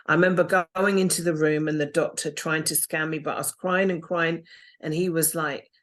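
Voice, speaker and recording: A woman's voice: low voice, fairly even intonation, normal speed, fairly bright tone. A woman guest telling her own story in an interview, earnest and reflective. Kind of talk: interview testimony.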